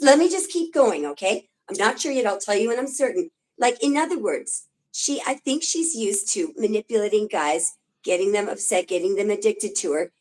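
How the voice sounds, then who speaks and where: A woman giving live tarot readings on a stream, emphatic and excitable, swearing now and then. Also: on the high side. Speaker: tarot reader.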